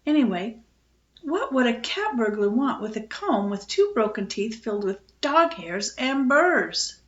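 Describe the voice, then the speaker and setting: A woman's voice: fairly high pitch, very animated, measured pace, roomy sound, highs cut off. A woman doing an exasperated scolding mother.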